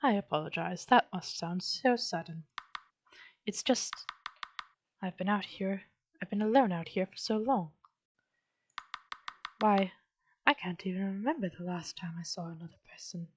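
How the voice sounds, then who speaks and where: A woman voicing a gentle, lonely female witch who speaks in a soft, sweet, coaxing way. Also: medium pitch, a little slow, pauses often, slight background noise, close to an everyday voice. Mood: soothing.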